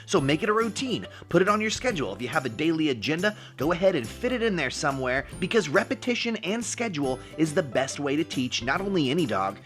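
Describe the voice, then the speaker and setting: A young man hosts a casual instructional vlog from his home, playful and jokey as he talks to viewers. His voice sits a touch high and is very animated, with faint music playing behind him. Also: quick pace, few pauses. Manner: playful and jokey, calls viewers bro and dude. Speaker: dog trainer and video host.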